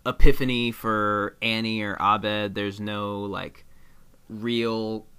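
A man's voice: lowish voice, level tone, slow, sharp tone, smooth. A man co-hosting a podcast, chatting casually about a TV episode with self-mocking jokes. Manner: joking, self-mocking, laughs often. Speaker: podcast co-host.

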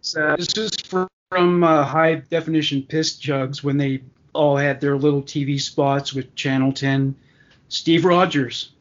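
Man, fairly high voice, relaxed podcast chat, chuckling, muffled lo-fi recording. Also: a little slow. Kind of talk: casual chat.

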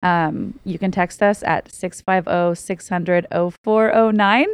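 A woman's voice: lowish voice, fairly even intonation, a little slow, smooth, no room sound. A woman co-hosting a church podcast, talking in an earnest, chatty way with lots of fillers. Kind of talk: casual chat.

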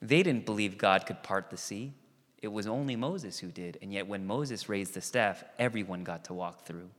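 A man preaching a sermon as pastor, animated and conversational, acting out quoted voices and asides. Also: on the low side, moderate pace. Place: church sanctuary. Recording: long reverb of a church hall.

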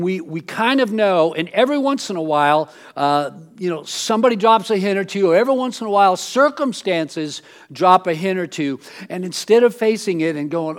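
A man preaching a sermon in an auditorium, talking conversationally with many fillers and restarts and getting animated when mimicking people. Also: high-pitched. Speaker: pastor.

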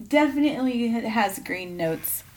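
A woman's voice: a little high, lively intonation, moderate pace, darkish tone, slight background noise. A woman co-hosting a podcast, chatting casually and rambling, often trailing off and restarting her sentences. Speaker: podcast co-host. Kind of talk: casual chat.

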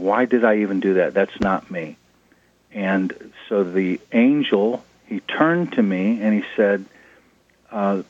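A man, a guest author, telling personal stories in an interview in a relaxed way with fillers. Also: fairly low pitch, no room sound. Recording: tinny phone line.

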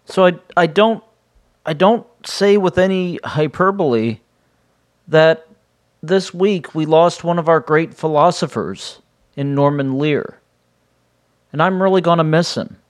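A man hosts his own podcast alone, meandering casually and often starting his sentences over. He speaks unhurriedly in a fairly high voice, pausing often.

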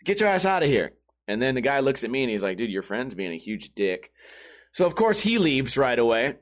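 A man's voice: mid-range voice, sing-song, brisk. A young man telling a rambling story in a casual vlog, full of swearing and fillers. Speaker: streamer.

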